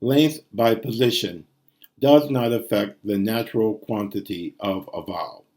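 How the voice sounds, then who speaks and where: A man's voice: lowish voice, a little slow, a little mellow. A man teaching ancient Greek prosody in a recorded lesson, sounding out syllables and rhythms aloud.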